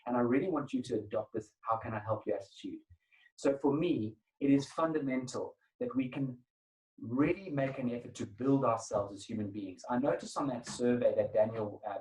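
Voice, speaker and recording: A man presenting an etiquette webinar over a video call, emphatic and energetic. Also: medium pitch, far from the mic, low-quality recording. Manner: emphatic, energetic, acts out phone calls. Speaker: etiquette trainer.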